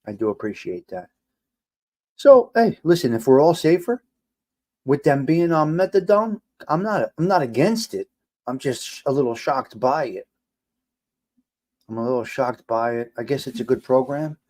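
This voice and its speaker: A middle-aged man hosts a livestream and talks straight to his chat. He rants in loud, exasperated bursts full of swearing, then drops to low mutters. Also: moderate pace, pauses often. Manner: animated, exasperated ranting with swearing; swings from loud outbursts to quiet mutters. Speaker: livestream show host. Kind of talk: casual livestream talk reacting to chat.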